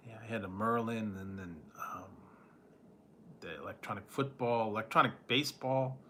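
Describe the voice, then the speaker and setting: Chuckling man rambling, bright voice. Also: on the low side, fairly even intonation, moderate pace, a little hiss or hum. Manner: rambling, chuckles often between remarks; nostalgic, trails off and restarts. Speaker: food reviewer reading live chat. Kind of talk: casual chat.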